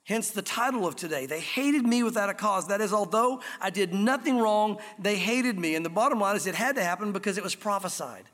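A man's voice: high voice, fairly quick, few pauses, fairly bright tone, long reverb tail. A man preaching a sermon as pastor, earnest and direct, driving points home with repetition.

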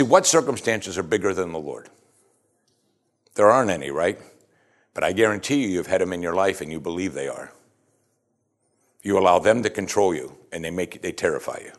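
Lower-voiced man preaching a sermon. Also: moderate pace, pauses often. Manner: conversational, rhetorical questions, animated bursts of emphasis.

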